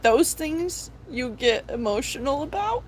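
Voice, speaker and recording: A woman's voice: high-pitched, sing-song, a little slow, slight background noise, poor audio. A young woman hosting a live stream, talking in an earnest, preachy, pleading way about faith. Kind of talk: impassioned religious vlog talk.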